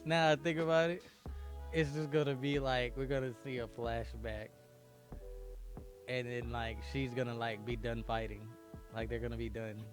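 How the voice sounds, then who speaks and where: A young adult man co-hosting a podcast in casual chat, excitable and animated, often talking over his partner. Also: medium pitch, normal speed, music in the background. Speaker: podcast co-host.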